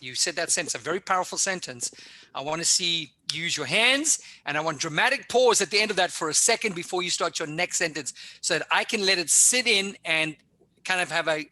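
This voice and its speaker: Energetic, sharp-voiced male speaking coach. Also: a little high, brisk. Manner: energetic, emphatic, directive coaching. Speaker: public speaking instructor. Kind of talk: live online workshop coaching.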